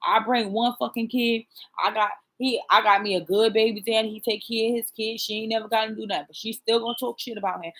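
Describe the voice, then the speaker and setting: A woman's voice: medium pitch, steady tone, fairly quick, fairly bright tone. A woman chatting casually to her viewers, blunt and profane, talking straight to them. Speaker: vlogger. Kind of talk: casual chat to camera.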